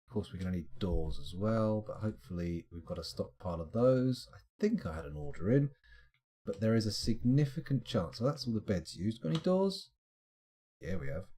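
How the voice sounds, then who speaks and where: A man's voice: low-pitched, dark tone, husky. A man streaming a game live, thinking aloud in a chatty, self-mocking way. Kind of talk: live gameplay commentary.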